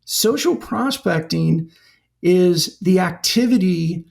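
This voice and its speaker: High gravelly male guest storyteller. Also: slow pace. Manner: animated anecdotal storytelling. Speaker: podcast guest, company founder. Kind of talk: conversational storytelling.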